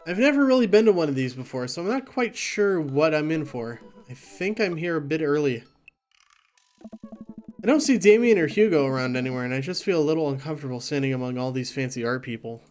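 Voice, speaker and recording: A man's voice: fairly high pitch, expressive, brisk, darkish tone, soft background music. Goofy male streamer playing a game. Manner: goofy, playful, laughing asides. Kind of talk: casual let's play commentary.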